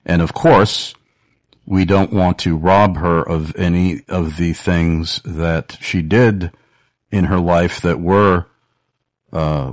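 A man hosting a religious call-in radio show, speaking earnestly and in a measured way, with frequent halting pauses. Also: low-pitched, no room sound. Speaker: radio talk show host.

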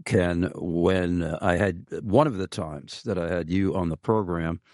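A man's voice: sits low, measured pace, a little mellow, no room sound, studio quality. A man with an American accent hosting a radio interview in a jovial, chuckling way. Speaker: radio show host.

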